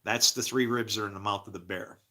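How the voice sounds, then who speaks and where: A man delivering a rambling religious monologue, swinging from low mumbles to shouting and laughing to himself. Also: fairly even intonation, quick pace.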